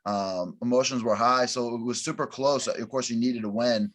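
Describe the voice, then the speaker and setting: A man's voice: mid-range voice, moderate pace. Podcast cohost guy, average voice, rambles his questions and restarts a lot. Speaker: podcast co-host. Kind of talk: casual interview chat.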